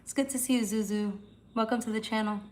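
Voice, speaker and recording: A woman's voice: a little high, fairly even intonation, fast talker, a little mellow, slight background noise. A young woman hosts a tarot livestream, talking loosely to her viewers. She answers their comments as they come in and swears casually.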